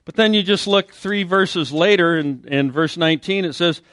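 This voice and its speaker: A man's voice: a little high, moderate pace, a bit bright, no room sound. Man preaching in a dry room. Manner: conversational preaching with fillers and acted quotes. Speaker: pastor. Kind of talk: sermon. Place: church sanctuary.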